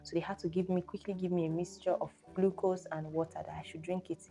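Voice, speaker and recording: Nigerian-accented woman in her twenties, vlog storyteller, slightly low voice, expressive exclamations. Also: fast. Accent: Nigerian English. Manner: animated storyteller, exclamations like oh and hey. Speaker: vlogger. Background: faint guitar music.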